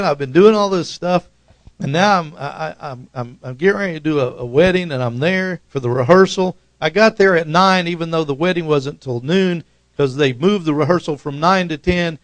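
A man's voice: on the high side, no echo. A middle-aged man preaching a sermon as pastor, reading scripture and building to emphatic, repeated outbursts. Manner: preaching with rising emphatic bursts and repeated words.

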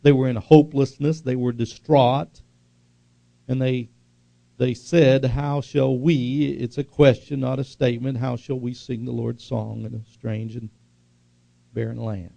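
A man's voice: mid-range voice, little pitch movement, unhurried, gravelly, mellow, no room sound. A man preaching a sermon, emphatic and repetitive, often putting questions to the congregation. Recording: dull lo-fi recording.

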